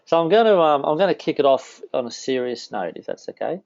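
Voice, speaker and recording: Upbeat Australian host. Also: male voice, fairly high pitch, animated, fairly quick, vocal fry, darkish tone, no echo. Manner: enthusiastic, many fillers, laughs often. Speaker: interview host. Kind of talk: casual interview chat. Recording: dry, dull lo-fi call audio.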